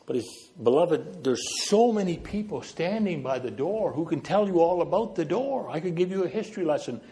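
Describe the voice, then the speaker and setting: A middle-aged man from New Brunswick preaching a sermon. His fairly high voice rises and falls sharply as he tells stories and makes points. He paces back and forth as he talks, illustrating with his hands. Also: expressive, normal speed, warm tone. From New Brunswick, Canada. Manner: storytelling, illustrating with gestures, walking back and forth.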